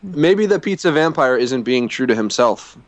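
A man's voice: mid-range voice, animated, moderate pace, no echo. Dry-voiced man reading listener emails. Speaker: podcast host. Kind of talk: casual livestream chat, reading emails.

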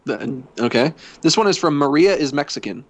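A man's voice: on the high side, animated, no echo. Blunt young man reading listener mail. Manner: blunt, halting, swears casually. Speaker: podcast co-host reading listener emails. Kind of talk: casual chat.

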